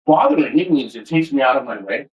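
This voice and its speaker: A man ranting to camera in a passionate, energetic, heavily profane way, rambling and restarting as he makes his points. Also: mid-range voice, fast, highs cut off. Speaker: vlogger. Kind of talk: casual rant to camera.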